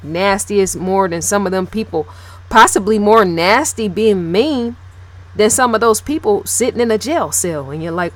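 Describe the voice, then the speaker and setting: A woman's voice: mid-range voice, moderate pace. A woman talking straight to camera in a casual, opinionated commentary, blunt and emphatic, repeating herself and swearing freely. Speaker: video blogger.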